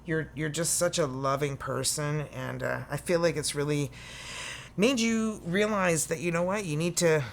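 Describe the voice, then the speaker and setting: Canadian woman tarot reader, a touch low-pitched, folksy and chatty, lots of "you know" and "okay". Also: moderate pace, gravelly, slight background noise. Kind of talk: casual tarot reading to camera.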